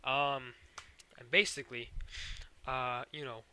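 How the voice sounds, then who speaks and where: A man's voice: medium pitch, steady tone, takes it slowly, sharp tone, clear, resonant tone. A man recapping cartoon episodes in a rambling, profane way, full of fillers and sound effects. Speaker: show recapper.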